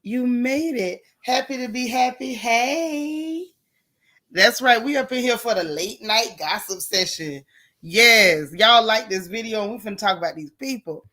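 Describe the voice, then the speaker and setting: A woman hosting a late-night gossip livestream, chatting casually and greeting viewers by name in a hushed voice. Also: lively intonation, a little slow. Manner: hushed, talking low like whispering. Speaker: gossip channel host.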